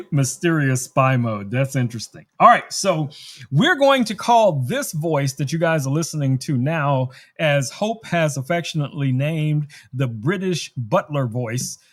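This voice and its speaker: A man hosting a casual live-stream tech demo from his studio, chatty and thinking aloud as he works. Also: fairly high pitch. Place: home studio.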